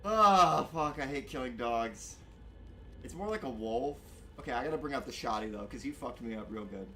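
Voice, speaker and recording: A man streaming a game, loud and excitable, swearing and yelling in bursts. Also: medium pitch, fairly quick, a little hiss or hum. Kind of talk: live gameplay commentary.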